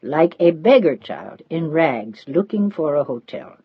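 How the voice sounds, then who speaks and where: A woman's voice: low-pitched, big pitch swings, measured pace, husky, no room sound, muffled recording, heavily acted. A woman reading the part of an elderly Italian housekeeper, devoted and motherly, in a pleading, insistent manner.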